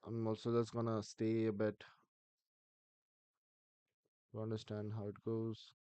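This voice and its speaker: A man chatting on a live stream, thinking aloud and halting with restarts. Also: fairly low pitch, monotone, warm tone, smooth, no room sound. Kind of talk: casual live-stream talk.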